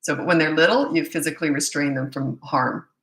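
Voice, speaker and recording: A middle-aged woman coach fields parenting questions live, her low voice fraying as it gives out. She speaks with a bright, forceful edge. The sound bounces around a roomy space. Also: a little fast. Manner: blunt, casual, loses track mid-thought. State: losing her voice. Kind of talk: live Q&A, answering viewer questions.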